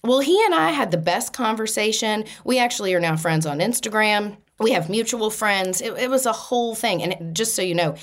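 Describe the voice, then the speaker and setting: A woman host telling a personal story in a casual, animated monologue, laughing now and then. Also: mid-range voice, brisk, few pauses.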